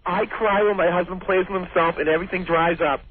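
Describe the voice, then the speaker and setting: A man with a Boston accent calling in, yelling excitedly into the phone. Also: sits high, fast talker. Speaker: caller. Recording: tinny phone line.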